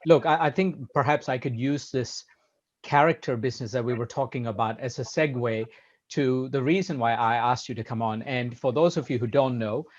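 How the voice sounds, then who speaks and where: Careful hedging man, muffled audio. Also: mid-range voice. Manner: measured, hedging, with many restarts and fillers. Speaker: podcast host. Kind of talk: casual conversation.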